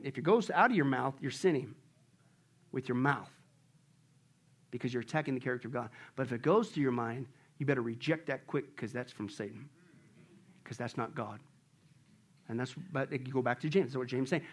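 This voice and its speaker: A man preaching a sermon with great energy, swinging from shouts down to low murmurs. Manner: acts out voices in a joke. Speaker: pastor.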